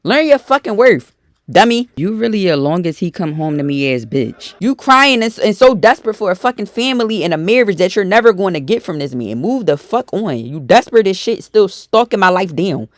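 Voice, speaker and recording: A woman's voice: medium pitch, big pitch swings, brisk, no echo. A woman YouTuber, delivering a profane, confrontational storytime rant.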